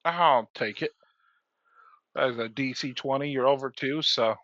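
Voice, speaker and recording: A man narrating a tabletop game as game master, relaxed and hesitant with many fillers, heard over a dull online call. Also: mid-range voice, measured pace, long pauses, no echo.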